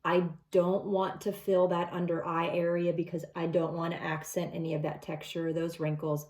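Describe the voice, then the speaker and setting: A woman's voice: on the low side, little pitch movement, normal speed, darkish tone. A middle-aged woman talking through a makeup tutorial step by step in a casual, chatty way. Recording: echoey room.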